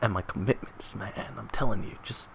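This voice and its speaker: Young male vlogger, bright lowish voice, joking and self-mocking, loose rambling delivery. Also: moderate pace, creaky, slight background noise. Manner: joking, self-mocking, many fillers and restarts. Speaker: gaming vlogger. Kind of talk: casual rambling monologue to viewers.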